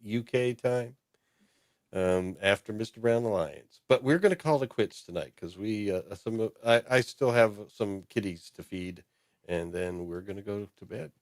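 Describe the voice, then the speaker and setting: Relaxed low-voiced male co-host, dry close mic. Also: moderate pace, dry recording. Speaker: podcast co-host. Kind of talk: casual chat, signing off a stream.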